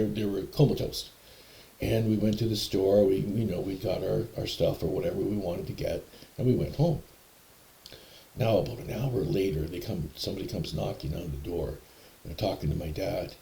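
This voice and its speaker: A man's voice: fairly low pitch, creaky, warm tone. A man telling personal stories in a rambling, hesitant, conversational way. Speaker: storyteller. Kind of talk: personal storytelling.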